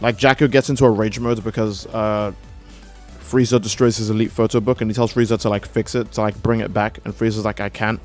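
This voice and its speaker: A man's voice: fairly low pitch, little pitch movement, brisk, faint music behind. A young man streaming a game, rambling and joking with profanity in casual commentary. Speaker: gaming streamer.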